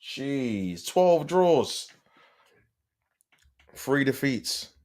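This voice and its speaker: A man's voice: medium pitch, very animated, very slow, a little mellow. A man hosting a live stream, giving casual, slang-heavy fan commentary on a match and getting exasperated at the play. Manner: slangy, talks to viewers, gets exasperated at play.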